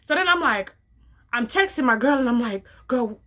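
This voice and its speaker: A young adult woman casually telling a personal story, acting out the dialogue with lively slang. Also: fairly high pitch, normal speed. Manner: animated, acts out quoted dialogue, casual slang.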